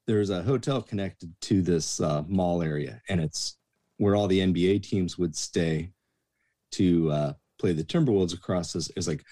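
Man, low voice, casual storyteller who acts out the people in his stories, for a relaxed talk show. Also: moderate pace. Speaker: former bartender telling stories.

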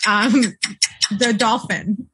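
A woman's voice: on the high side, noisy background. A woman running a trivia quiz on a casual podcast, giggling and teasing the players.

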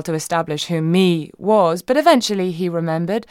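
Low-voiced woman narrating an audiobook. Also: moderate pace, hardly any pauses, clean tone, no echo, clean studio sound. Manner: wry, expressive, swings between giddy and hushed. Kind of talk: first-person audiobook narration.

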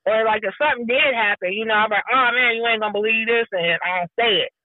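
A woman in her forties talks plainly and bluntly on a podcast, full of slang and quick laughs. Her voice sounds dry and close, with no room around it. She speaks as a guest who runs her own show. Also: on the high side, no echo, phone-quality sound. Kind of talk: casual podcast chat.

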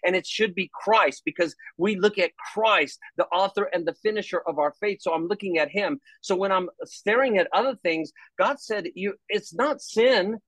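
A man talking about faith in a lively, preacherly way, quoting scripture and acting out other people's voices. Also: sits high, moderate pace, few pauses, no echo, low-quality recording. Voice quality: animated, preacherly, acts out voices. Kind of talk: faith-based conversation.

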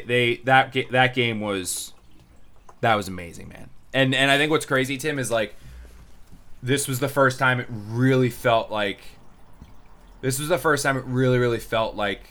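A young man who covers football as a reporter, chatting casually on a live show and telling a press box story with lots of fillers, acting out what people said. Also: mid-range voice. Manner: animated storytelling, acts out quotes with rising excitement. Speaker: sports beat reporter. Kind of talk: casual podcast chat.

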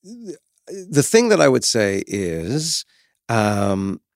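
A man's voice: fairly low pitch, huge pitch swings, slow, no room sound, clean studio sound. A man in his fifties talking as a guest, telling candid stories in a reflective, frank way and swearing now and then. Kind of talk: candid conversational storytelling.

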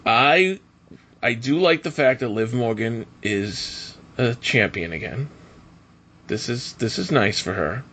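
Male podcast co-host with a bright voice, animated and chatty. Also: mid-range voice, slow pace, slightly rough. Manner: animated, laughs often, trails off and restarts. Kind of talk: casual wrestling podcast chat.

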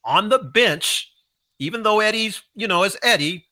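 A man hosting a podcast interview, telling a story in an animated way and asking leading questions. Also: high-pitched, normal speed. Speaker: podcast host.

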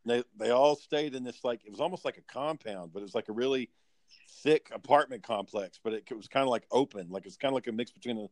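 A man's voice: medium pitch, quick pace, no room sound. A man hosting a podcast in casual chat, a profane, rambling storyteller. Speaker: podcast host.

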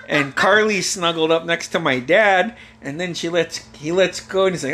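A young man telling a family story in casual chat, swearing freely and bursting into loud acted-out quotes and laughter. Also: fairly high pitch, brisk, hardly any pauses. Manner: animated storyteller, swears a lot, acts out quotes loudly with laughter.

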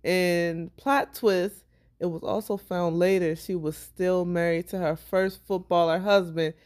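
A woman co-hosting a podcast in casual chat, laid-back and quick to laugh. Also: fairly low pitch, steady tone, darkish tone. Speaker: podcast co-host.

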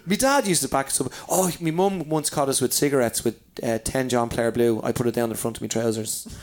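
A man's voice: medium pitch, brisk. A man in his forties, a comedian, telling crude childhood stories in casual chat, swearing freely, laughing and mimicking his parents. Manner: swearing, laughing storyteller who mimics people.

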